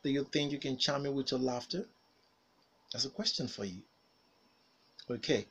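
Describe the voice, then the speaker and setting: A man teaching phonics, saying single words and sentences slowly and carefully for learners to repeat. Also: mid-range voice, fairly bright tone, breathy edge, poor audio. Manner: slow, carefully enunciated single words with pauses for repetition. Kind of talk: pronunciation drill lesson.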